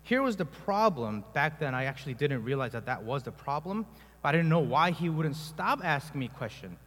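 A pastor from South Korea preaching a sermon, telling personal stories in a conversational way with many filler sounds. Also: male voice, fairly high pitch, sing-song, moderate pace, fairly bright tone, in a large hall.

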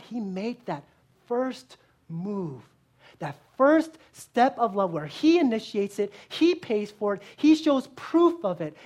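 A woman pastor giving a sermon, earnest, asking rhetorical questions and moving between strong emphasis and quiet, hushed lines. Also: mid-range voice, breathy edge.

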